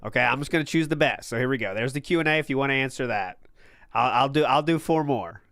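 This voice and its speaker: A man's voice: medium pitch, quick pace, a bit bright, no echo, clean studio sound. A man hosting a live watch-party stream, chatting casually with sarcastic, profane asides and frequent laughs.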